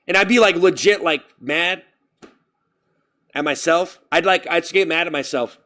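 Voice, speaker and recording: A man chatting on his live stream, rambling and animated, breaking off to thank viewers for donations. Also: a little high, normal speed. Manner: rambling, animated, jumps to loud self-scolding; reads out and thanks chat donations. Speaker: livestreamer. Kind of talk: casual stream chat.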